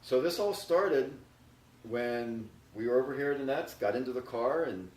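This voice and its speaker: A man's voice: medium pitch, lively intonation, normal speed, darkish tone, distant mic. A man, co-host of a video, chatting casually and easily to the camera. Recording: echoey room, mic set back, faint noise.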